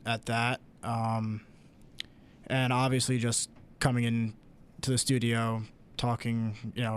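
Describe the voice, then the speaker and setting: A young man, a college radio sports director, talking casually in a measured way with frequent fillers. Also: mid-range voice, a little hiss or hum. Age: young adult. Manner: even, measured, hesitant fillers.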